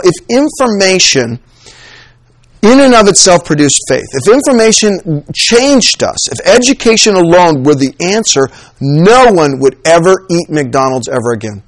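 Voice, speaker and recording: This is a male preacher with a high voice who gives a humorous sermon. He is animated and joking, and he acts out examples as he goes. The sound is close and dry. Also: dry recording. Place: church with slides.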